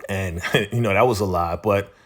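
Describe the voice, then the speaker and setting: A man with a somewhat low voice recaps a TV episode in loose, casual narration. He talks conversationally, doubling back to repeat phrases and filling gaps with "you know.". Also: normal speed, fairly bright tone.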